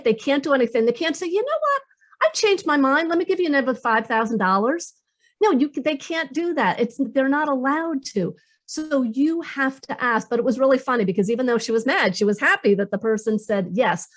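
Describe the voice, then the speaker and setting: A woman career coach giving advice in a podcast interview, enthusiastic and acting out quoted dialogue with lively shifts. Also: high-pitched.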